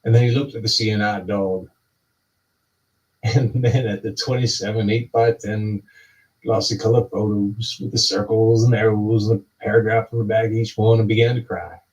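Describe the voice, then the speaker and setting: A man telling a long, rambling, repetitive spoken-word story that builds up to excited yelling. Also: fairly low pitch, normal speed. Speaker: storyteller performing a talking monologue. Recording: distant, dull lo-fi recording.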